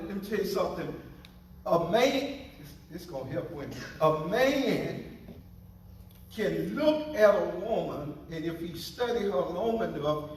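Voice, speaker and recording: A man's voice: high-pitched, heavy reverb, recorded from a distance, a little hiss or hum, poor audio. A man preaching a sermon as pastor, playful and joking with his congregation.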